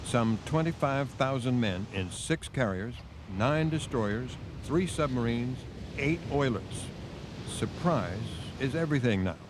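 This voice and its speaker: A man narrating a television news documentary in a measured, grave scripted delivery. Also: medium pitch, expressive. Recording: faint noise on a VHS broadcast.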